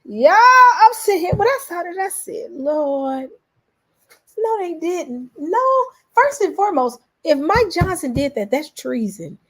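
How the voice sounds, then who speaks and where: A woman, a vlogger giving lively reaction commentary and talking straight to her viewers. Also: extremely high pitch, a little slow. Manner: animated, exclaiming, addresses viewers as y'all.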